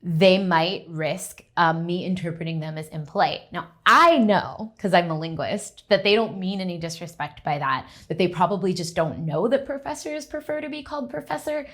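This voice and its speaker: Animated young woman lecturing on linguistics. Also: lowish voice, normal speed, hardly any pauses. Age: young adult. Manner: lively, conversational, often checks in with "right?". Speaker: linguistics professor. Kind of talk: conference lecture.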